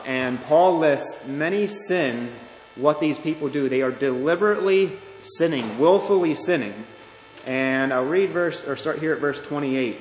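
A male pastor delivers an earnest, deliberate sermon in a slightly raised voice. His words ring out with long reverb, as if in a large church sanctuary. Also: fairly high pitch. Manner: earnest, deliberate preaching with restarts. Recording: echoey hall.

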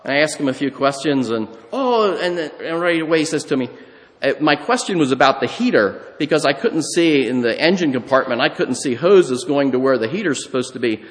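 Folksy preacher in an echoing hall. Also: male voice, fairly high pitch, animated, brisk. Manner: folksy, conversational storytelling. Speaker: pastor. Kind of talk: sermon with personal story.

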